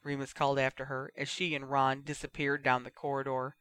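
A man narrating a fan fiction audiobook in a steady, expressive storytelling manner. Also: mid-range voice, a little fast, few pauses, no echo. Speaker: reader.

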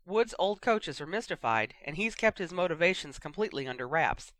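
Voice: mid-range voice, a little fast, no room sound, natural voice. A reader voicing a cheeky young male commentator calling a match in an audiobook. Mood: brash. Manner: brash, excitable. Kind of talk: audiobook reading.

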